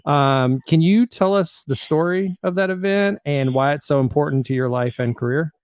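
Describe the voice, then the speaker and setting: A man's voice: fairly high pitch, normal speed, clear, resonant tone, no echo, studio quality. A man co-hosting a podcast, joking around casually and reading out fan questions. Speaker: podcast co-host.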